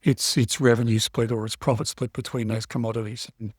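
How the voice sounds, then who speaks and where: Man, podcast co-host, mid-pitched, rambling fillers, dry close sound. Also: a little fast, slightly rough, no room sound. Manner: relaxed, rambling, thinks aloud with fillers. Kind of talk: casual investing podcast chat.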